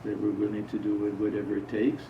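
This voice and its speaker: Monk, conversational storyteller, gravelly voice, recorded from afar in an echoey room. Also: male voice, lowish voice, little pitch movement, quick pace, noisy background. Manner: conversational, asks the audience questions. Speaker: monk giving a spiritual talk. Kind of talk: informal spiritual talk with storytelling. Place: talk to a small gathering. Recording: roomy, distant, dull sound.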